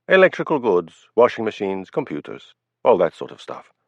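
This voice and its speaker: A man's voice: on the low side, huge pitch swings, moderate pace, no room sound, heavily acted. A man voicing an elegant, wealthy young woman with a slight foreign accent and a poised, charming manner, in a dull, dry recording.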